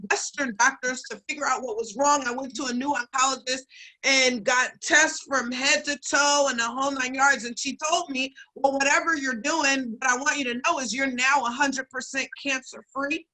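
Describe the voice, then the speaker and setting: A woman speaks with strong feeling in a personal testimony. Her voice sits high and sounds bright. She goes from excited retelling to hushed, tender phrases. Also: moderate pace, rough recording. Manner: heartfelt, builds up to excited retelling then hushed. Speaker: speaker introducing the host.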